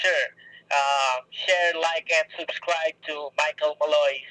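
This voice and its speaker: Polite phone rep man, bright voice. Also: a little high, fairly even intonation, slow. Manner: polite, agreeable, hesitant. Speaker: customer service representative. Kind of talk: customer service phone call. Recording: tinny phone line.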